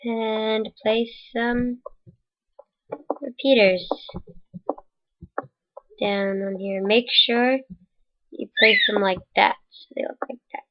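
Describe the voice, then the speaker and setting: A woman's voice: fairly high pitch, fairly even intonation, slow, pauses often. A woman casually narrating a game building tutorial in voice-over, rambling and correcting herself as she goes, with the hiccups. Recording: dull lo-fi mic.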